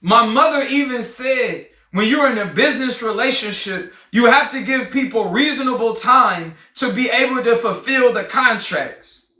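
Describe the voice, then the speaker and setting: A man in a heated, confrontational livestream rant, often shouting. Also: very high voice, moderate pace, far from the mic. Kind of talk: ranting livestream monologue. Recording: roomy, off-mic sound.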